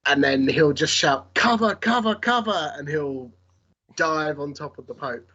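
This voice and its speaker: A man's voice: fairly high pitch, level tone, measured pace, pushed and bright, slightly rough, dull audio. A man playing a tabletop game, describing his character's moves with hesitant, dry amusement. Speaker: player.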